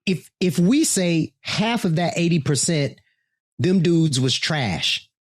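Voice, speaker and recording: A man's voice: on the high side, animated, slow pace, dry recording, clean studio sound. A man co-hosting a casual chat show, talking bluntly with profanity and jokes. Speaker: co-host.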